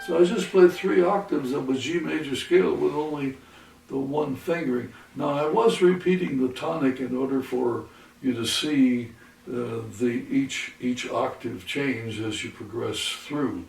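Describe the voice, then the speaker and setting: A man teaching a guitar lesson, explaining halting with many restarts and counting beats aloud. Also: mid-range voice, gravelly, darkish tone, far from the mic. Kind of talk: lesson with demonstrations. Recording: roomy, from off the mic, faint noise.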